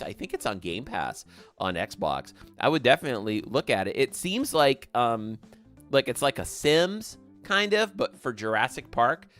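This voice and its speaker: A man hosting a gaming livestream, chatting casually and warmly thanking viewers by name as he reads their comments. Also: mid-range voice. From American South.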